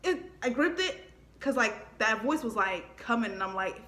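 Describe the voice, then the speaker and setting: A young adult woman telling a casual storytime in an animated way, laughing often and acting out the quotes. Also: fairly high pitch, moderate pace. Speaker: vlogger. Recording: echoey room.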